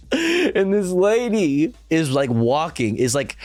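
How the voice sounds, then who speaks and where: A man's voice: fairly high pitch, wildly swooping pitch, takes it slowly, darkish tone, dry recording, faint music behind. A man streaming a casual reaction, telling a rambling story full of swearing and laughter.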